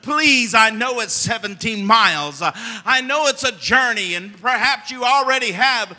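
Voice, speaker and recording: A man's voice: very high voice, animated, a little slow, pushed and bright, in a large hall, voice pushed up, exaggerated voice. A man preacher voicing a desperate male official who begs for help for his dying son. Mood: pleading. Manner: pleading.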